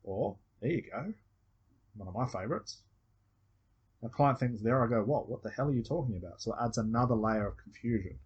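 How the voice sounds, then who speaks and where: A man's voice: mid-range voice, fast talker, breathy edge, lo-fi sound. A man with an Australian accent coaching a student one on one, patiently explaining step by step and acting out example phrases. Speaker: hypnosis coach.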